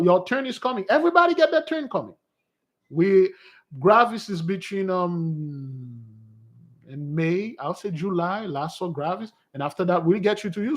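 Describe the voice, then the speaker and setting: Exhorting man preaching casually to followers. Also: high-pitched. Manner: exhorting, calls listeners beloved. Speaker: spiritual fasting leader.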